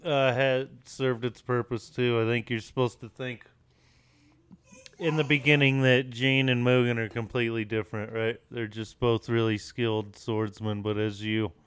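A man chatting casually on a podcast, words loose and full of fillers. His voice is smooth and resonant, recorded close and dry with no room sound. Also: mid-range voice, flat delivery, normal speed, a bit bright, dry recording. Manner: rambling, many fillers, swears freely. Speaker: podcast co-host. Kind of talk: casual chat.

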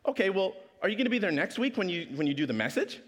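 A high, sing-song teenage girl, as a man puts her on, sweetly breezy yet stubbornly insistent. The voice swoops up and down with lively bounce. It rings out with a long hall reverb behind it. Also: fast talker. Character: persistent cheerful teenage girl classmate.

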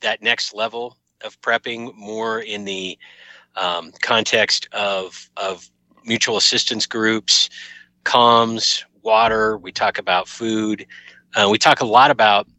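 A man's voice: fairly low pitch, steady tone, slow, sharp tone, no echo, poor audio. A laid-back man, a podcast guest, chatting casually and laughing at himself. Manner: laid-back, self-deprecating, laughs easily. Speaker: podcast guest, co-host of his own show. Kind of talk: casual chat.

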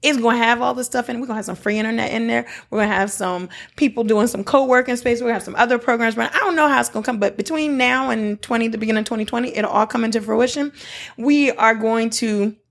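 A woman guest in an interview, talking in an excited, rambling way with many fillers and restarts, from South Africa. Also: on the high side, fast, creaky. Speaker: guest, nonprofit founder. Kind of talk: casual interview talk.

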